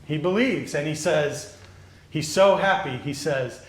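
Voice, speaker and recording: A male pastor giving a children's sermon, gently asking the children questions and answering them. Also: on the high side, animated, unhurried. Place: church sanctuary. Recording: echoey church.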